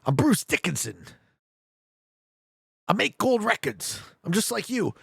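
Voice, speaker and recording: A man putting on the halting, deadpan voice of an eccentric older record producer. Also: high voice, gravelly, breathy edge, no room sound, studio quality, voice pushed up, exaggerated voice.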